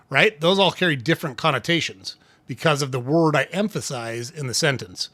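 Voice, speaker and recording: A man hosting a casual tips talk, speaking conversationally, often checking in with "right?" and clearing his throat now and then. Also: fairly high pitch, a little fast, pushed and bright, no echo. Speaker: host.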